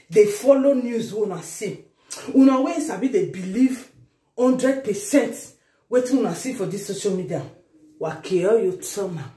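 Animated Nigerian woman vlogging. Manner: animated, teasing, swings between loud exclamations and low asides. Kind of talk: casual commentary to followers. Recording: echoey room.

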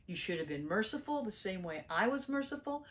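A woman's voice: medium pitch, sing-song, brisk, fairly bright tone. A woman voicing a stern male king who demands repayment and passes judgement. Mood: reproachful.

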